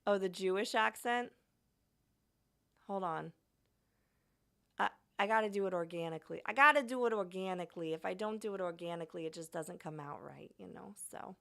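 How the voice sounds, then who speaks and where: A woman's voice: lowish voice, moderate pace, gravelly, a bit bright. A woman streamer chatting casually, giggly and rambling, often trailing off.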